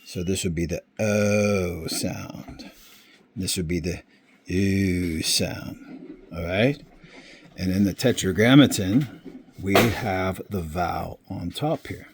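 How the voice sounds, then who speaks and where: A man giving an informal Bible lesson, explaining slowly and checking in often with his listeners. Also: low-pitched, slight background noise. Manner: slow, unhurried explaining with frequent check-ins. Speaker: Bible teacher. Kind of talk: informal screen-share teaching.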